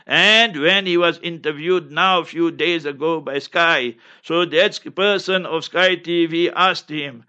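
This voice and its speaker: A man's voice: on the high side, a little slow, hardly any pauses, bright, forceful tone, highs cut off. Fiery, declamatory man. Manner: fiery, declamatory, keeps repeating "remember". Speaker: religious speaker. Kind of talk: impassioned religious talk.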